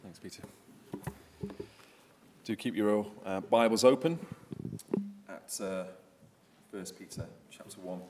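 A man giving a sermon as a visiting preacher, casual and animated, with many fillers and restarts. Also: on the low side, slow pace, pauses often, echoey room, background noise.

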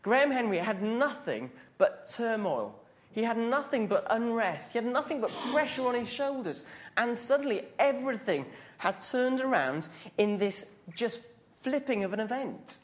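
A man's voice: very high voice, sing-song, moderate pace. A man preaching a sermon to a congregation in a questioning, conversational way.

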